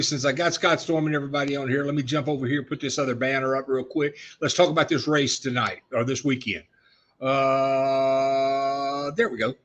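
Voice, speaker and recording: A man's voice: mid-range voice, fairly bright tone, a little hiss or hum. A middle-aged man hosting a casual live-stream chat show from his workshop. He rambles, with lots of "uh" and restarts, and he keeps fighting off a cough. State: coughing spells. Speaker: show host.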